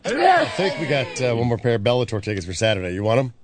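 A man hosting a call-in game on the radio, running it with quick, laughing patter. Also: mid-range voice, huge pitch swings, heavy background noise. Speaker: radio host.

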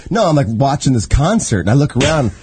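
A man's voice: mid-range voice, sing-song, quick pace, darkish tone, slight background noise. A man co-hosting a casual podcast chat, telling a story in a laid-back, rambling way. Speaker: regular co-host.

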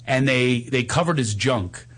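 A man telling a wild story in animated fashion, laughing as he goes. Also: mid-range voice, a little slow. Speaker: actor and filmmaker telling a story. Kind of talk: casual anecdote.

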